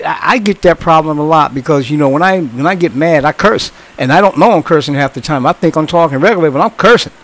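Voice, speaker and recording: This rough recording captures a high-voiced man in his sixties who used to work in customer service. He delivers a blunt, casual lecture, cursing and going over the same points again and again.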